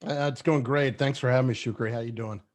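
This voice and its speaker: A man's voice: medium pitch, steady tone, fast talker. A man who hosts sports radio, speaking as an easygoing guest on a podcast. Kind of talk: podcast interview.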